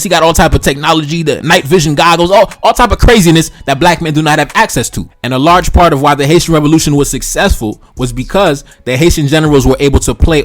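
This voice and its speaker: A man giving an opinionated history commentary in colloquial speech, with emphatic delivery and sarcastic rhetorical questions. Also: on the high side.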